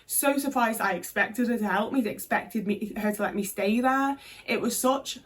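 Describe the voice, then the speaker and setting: A woman's voice: on the high side, moderate pace, distant mic. A woman candidly telling a personal story in a vlog, swearing often and leaning on fillers as she talks. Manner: frank, emotional storytelling with many fillers and swearing. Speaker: vlogger.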